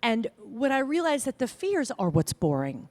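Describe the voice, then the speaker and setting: Woman on stage doing a keynote, super animated pitch, jokey, dry close sound. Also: moderate pace, no echo. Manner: animated, self-deprecating, mimics voices. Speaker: conference speaker. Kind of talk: keynote talk.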